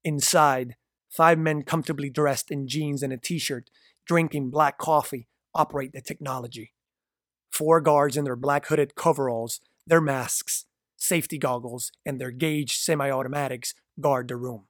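A man narrating a dark story in a measured, descriptive reading. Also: mid-range voice, steady tone, no echo, studio quality.

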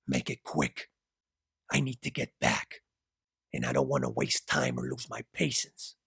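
A man's voice: extremely low pitch, big pitch swings, unhurried, creaky, fairly bright tone, husky, no room sound, studio quality, voice pushed down, exaggerated voice. A man reading a story, voicing an impatient, hardened young male killer in a terse, blunt way. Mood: cold.

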